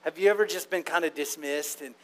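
A man's voice: on the high side, brisk. A man preaching a sermon in a conversational, playful way, often asking the congregation questions.

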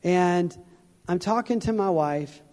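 Slow and high-pitched with a slightly mellow tone, a traveling evangelist delivers an informal, heartfelt testimony from the stage. He frequently starts over and laughs softly, and the hall adds a long reverb.

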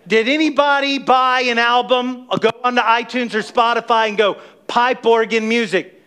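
A middle-aged man preaching a sermon as pastor of his church, emphatic and energetic, calling on the congregation to respond. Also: very high voice. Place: church sanctuary.

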